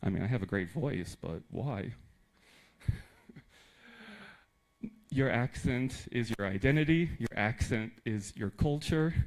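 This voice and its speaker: A man from the United States giving a conference talk to teachers in a lively, emphatic way with joking asides. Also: mid-range voice, slow, pauses often, low-quality recording. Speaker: teacher trainer.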